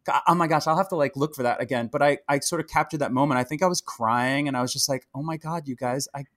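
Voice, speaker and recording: A middle-aged man tells a story as a podcast guest. His voice sits a bit high for a man, and he talks in an animated way with many fillers and restarts. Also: fast talker. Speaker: podcast guest, Broadway actor. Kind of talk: casual interview chat.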